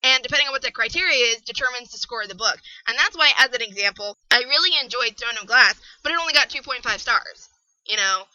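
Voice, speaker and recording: Ranting woman book reviewer, bright voice. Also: on the high side, lively intonation, fast, no room sound, highs cut off. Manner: exasperated, ranting, swears freely. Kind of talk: casual podcast review.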